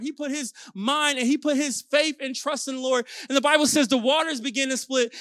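A man in his thirties preaching a sermon, pastor of the church, shouting exhortations and asking his audience rhetorical questions. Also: very high voice, no echo, clean studio sound.

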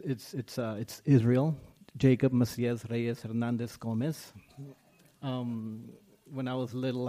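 A man's voice: mid-range voice, mellow. A man, a school principal, speaking to a congregation in a chatty, self-deprecating way with many fillers. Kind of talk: casual talk to a congregation.

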